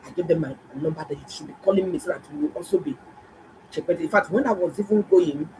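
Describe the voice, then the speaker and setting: A middle-aged woman, a doctor, telling viewers a story in a casual, animated and exclaiming way. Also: lowish voice, fast talker, noisy background. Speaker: doctor and health vlogger.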